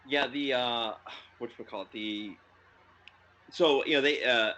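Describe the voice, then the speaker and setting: A man's voice: medium pitch, measured pace, sharp tone. A man co-hosting a podcast in casual chat, rambling with many fillers and frequent laughs. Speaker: podcast co-host.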